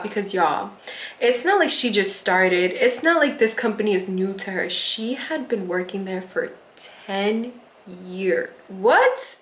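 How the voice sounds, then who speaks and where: A young woman tells a storytime vlog in a chatty, emotional way and keeps speaking straight to her viewers. Her pitch sits in the middle range, and her animated delivery rises and falls with feeling. The recording carries a clear room echo. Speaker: influencer. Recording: echoey room.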